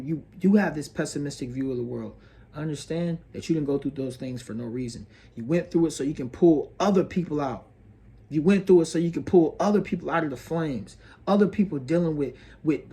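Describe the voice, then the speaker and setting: A man with a fairly high pitch but a dark tone hosts an astrology video, delivering a motivational monologue. He sounds earnest and preachy, says "bro" and "sis" to the listener, and keeps repeating phrases.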